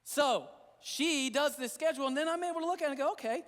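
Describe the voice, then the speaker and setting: A man's voice: extremely high pitch, fast, fairly bright tone, in a large hall. A man preaching a sermon as a pastor, earnest and repetitive in a conversational way. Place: church sanctuary.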